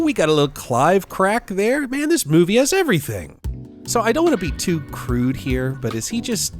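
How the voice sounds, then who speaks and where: A man hosts a casual, comedic film commentary, joking wryly and poking fun at himself. His pitch moves around a lot as he talks. Faint music sits quietly behind him. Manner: wry, jokey, self-deprecating. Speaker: film review video host.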